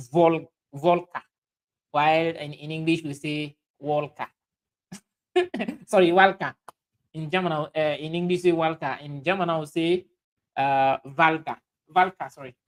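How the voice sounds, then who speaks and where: A man with a Sierra Leonean Krio accent hosting a livestream, reading out viewer comments in halting speech full of fillers and restarts. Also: a little high, a bit bright, rough recording. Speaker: livestream host.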